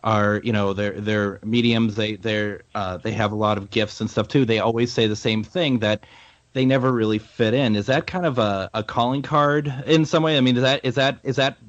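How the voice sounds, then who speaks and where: A man co-hosting a radio show, asking a question haltingly, searching for words. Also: on the low side, fairly even intonation, no echo, highs cut off. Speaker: radio co-host.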